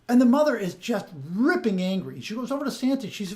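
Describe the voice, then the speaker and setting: A man's voice: extremely high pitch, animated, fairly quick, few pauses, a little mellow. A man hosting a podcast of sales tips, talking in a chatty way and often restarting or repeating his words. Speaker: sales coach and podcast host. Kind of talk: casual podcast monologue.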